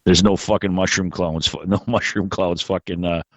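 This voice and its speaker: A man hosting a podcast in casual chat, rambling and halting, swearing freely. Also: deep voice, fairly even intonation, no echo, muffled recording. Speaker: podcast host.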